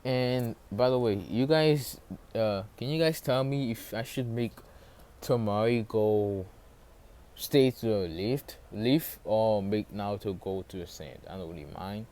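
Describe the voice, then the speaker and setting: A man's voice: lowish voice, unhurried, warm tone. A man casually retelling a fan story with a sore throat, rambling and losing track of names along the way. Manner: rambling, loses track of names, many fillers.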